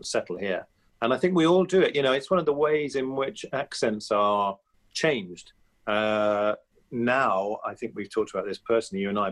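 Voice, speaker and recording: Brief: male, fifties, lower pitch, relaxed anecdotal interview guest who talks through hesitations. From England. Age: 50s. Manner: chatty and anecdotal, with many fillers and restarts. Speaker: guest comedian and impressionist. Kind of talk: reflective interview talk.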